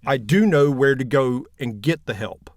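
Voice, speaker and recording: A man in his fifties with a Southern drawl, an audiobook narrator talking in a relaxed, plainspoken, folksy way in a casual interview. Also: mid-range voice, moderate pace, no room sound, clean studio sound. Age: 50s.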